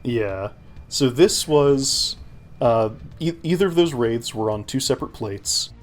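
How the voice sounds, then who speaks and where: Male creator, mid-pitched, casual rambling commentary with faint hiss behind. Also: lively intonation, measured pace. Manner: rambling, self-deprecating explanations. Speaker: video creator giving commentary.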